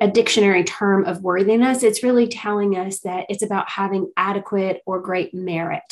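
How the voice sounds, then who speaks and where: A middle-aged woman giving a reflective motivational talk on self-worth, earnest and gentle, often saying "you know". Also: mid-range voice, poor audio.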